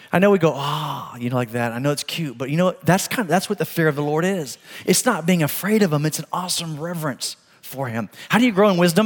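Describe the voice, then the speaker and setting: A middle-aged male pastor preaching a sermon, moving between emphatic exhortation and soft, chatty storytelling. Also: fairly high pitch, in a large hall.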